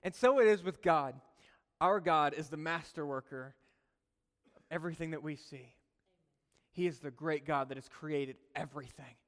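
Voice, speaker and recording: Higher-voiced man preaching in a reverberant hall. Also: normal speed, long pauses, a bit bright. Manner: conversational, chuckling asides. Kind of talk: sermon.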